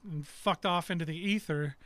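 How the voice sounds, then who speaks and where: A male podcast co-host tells a story in casual chat, animated and swearing freely. His voice is fairly high, he speaks at normal speed, and there's no room sound.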